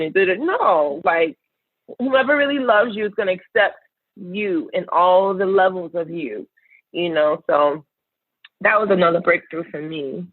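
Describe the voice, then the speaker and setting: A woman's voice: fairly low pitch, moderate pace, breathy edge, no echo. A woman in her thirties, a podcast guest, telling personal stories in an earnest, reflective way, often searching for her words. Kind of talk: personal storytelling in conversation. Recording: tinny phone-like line, dry.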